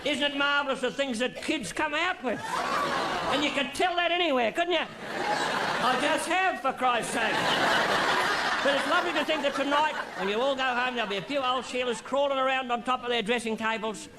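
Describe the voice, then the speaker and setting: A man's voice: very high-pitched, moderate pace, very noisy. A man doing a leering, crude old Australian boaster. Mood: sly bawdy. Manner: bawdy, leering, mock-sentimental storytelling. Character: crude boastful older Australian male diplomat. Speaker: stand-up comic in character. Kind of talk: stand-up character comedy.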